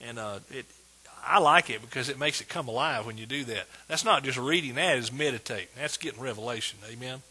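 A man preaching a sermon as pastor, emphatic and repetitive, building words into shouts of praise. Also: medium pitch, brisk, slightly rough. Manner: emphatic preaching, repeats words with rising intensity.

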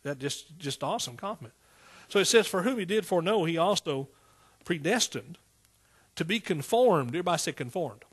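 A man's voice: fairly high pitch, lively intonation, a little fast, breathy edge. Folksy East Texas preacher man. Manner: folksy, call-and-response preaching. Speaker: pastor. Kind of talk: sermon.

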